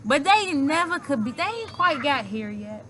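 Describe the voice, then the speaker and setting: A woman co-hosting a podcast in slangy, animated casual chat, laughing often. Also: high-pitched, normal speed, crowd noise. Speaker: podcast co-host.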